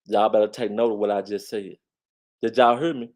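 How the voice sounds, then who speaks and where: A man hosting a casual commentary, talking straight to his viewers and repeating phrases for emphasis. He stresses points by swinging his voice up and getting louder. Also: fairly quick. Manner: lively swings in pitch and loudness when stressing a point. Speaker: commentary channel host. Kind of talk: casual commentary on online drama.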